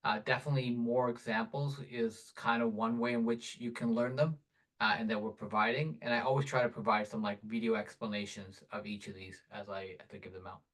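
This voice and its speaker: A man hosting a casual live Q&A over a video call, relaxed and chatty, laughing often. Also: lowish voice, fairly quick. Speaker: webinar host, product support.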